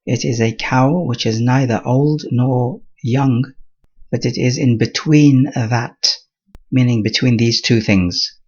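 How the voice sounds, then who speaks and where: Male Quran teacher, husky voice, steady explanatory lesson, dull lo-fi sound. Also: mid-range voice. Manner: measured explanatory delivery mixing Arabic terms.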